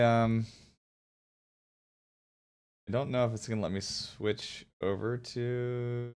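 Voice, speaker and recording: A man's voice: medium pitch, clear, resonant tone. A man streaming and chatting casually, rambling with frequent laughs and the odd swear word. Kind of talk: casual chat. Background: background music.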